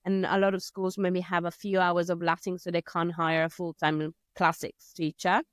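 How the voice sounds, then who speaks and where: Italian-accented woman, smooth and lowish. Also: normal speed, no echo, studio quality. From Italy. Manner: lively storyteller who acts out her children's voices. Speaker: interview guest, language teacher. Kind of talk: casual conversation.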